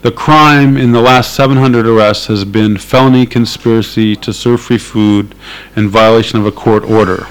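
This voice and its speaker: A man's voice: fairly low pitch, steady tone, normal speed, slight background noise, low-quality recording. A man being interviewed, talking casually and hesitantly with many fillers and dry laughs. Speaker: activist interviewee.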